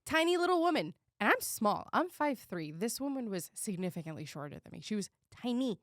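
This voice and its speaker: A woman's voice: fairly high pitch, brisk, no echo, studio quality. A young woman co-hosting a podcast in casual chat, telling stories with lots of swearing and laughter. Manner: animated, swearing, laughing storyteller. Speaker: podcast co-host.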